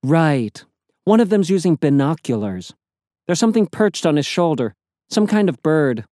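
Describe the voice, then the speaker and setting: Brief: a man doing a lighter, higher-voiced female unicorn familiar, plain-spoken and watchful, dry close sound. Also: sing-song, moderate pace, dark tone, no echo. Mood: matter-of-fact.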